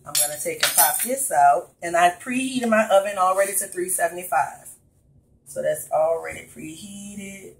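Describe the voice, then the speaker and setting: A woman's voice: fairly low pitch, moderate pace, vocal fry, a little hiss or hum, low-quality recording. New orleans lady cooking at home, chatty, talks right to y'all. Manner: chatty, addresses viewers directly as "y'all". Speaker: cooking vlogger. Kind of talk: casual cooking video. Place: home kitchen.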